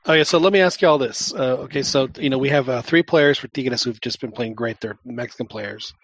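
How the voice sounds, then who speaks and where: Husky-voiced man hosting a casual podcast. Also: mid-range voice, brisk, fairly bright tone. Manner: hesitant, many fillers, friendly. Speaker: podcast host. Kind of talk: casual chat.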